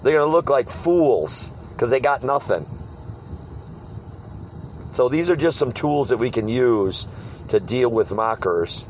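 A street preacher with a mid-range voice leads a casual group discussion, speaking a little slowly with long pauses. An animated storyteller, he often mimics the hecklers he encounters, and the audio is poor with slight background noise.

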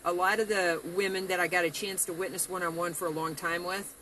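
Brief: earnest woman evangelist, bright, sharp tone, chatty. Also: fairly low pitch, level tone, a little fast, a little hiss or hum, poor audio. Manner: earnest, rambling. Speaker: street evangelist. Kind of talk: casual talk about evangelizing.

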